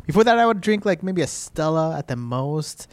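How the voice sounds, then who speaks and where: A man's voice: fairly high pitch, expressive, moderate pace, dry recording. A man co-hosting a casual beer-tasting podcast, rambling through his thoughts with lots of "like" and restarts. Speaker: podcast co-host.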